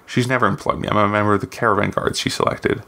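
A man's voice: lowish voice, steady tone, fast, vocal fry, bright, forceful tone. A man reading aloud, voicing a wary young woman caravan guard who answers guardedly and respectfully. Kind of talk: audiobook reading.

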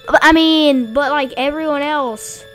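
A woman giving excitable, blunt, jokey gameplay commentary as the channel's gamer. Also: high voice, measured pace, soft background music.

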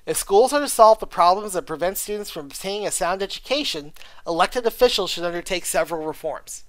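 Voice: medium pitch, fairly bright tone, no echo. A college writing instructor giving a recorded video lecture, reading textbook passages aloud, with frequent "okay?" check-ins and "uh" fillers.

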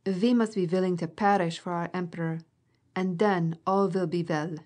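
A woman's voice: on the low side, steady tone, moderate pace, darkish tone, close to an everyday voice. A woman reading aloud, voicing a blustering, patriotic old army colonel who speaks in emphatic, table-thumping declarations in an audiobook. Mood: rousing.

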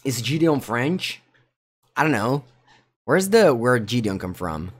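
A man with an Italian accent streaming a card game, thinking aloud in low mutters with sudden excited outbursts. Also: a little slow, slightly rough. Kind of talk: live gameplay commentary.

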